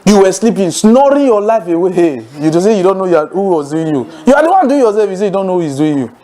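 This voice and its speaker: Man, preacher, sermon, high voice, animated call-and-response delivery, echoey church hall. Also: fast. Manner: animated, calls for congregation responses.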